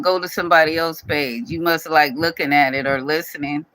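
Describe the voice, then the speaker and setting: A man rants at a commenter on his own channel. He talks in a repetitive, scolding way. His voice is bright and slightly high, recorded close and dry with no room sound. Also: steady tone, fairly quick, dry recording, low-quality recording. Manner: scolding, repetitive, speaks directly to viewer. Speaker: channel owner addressing a commenter. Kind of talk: casual scolding vlog rant.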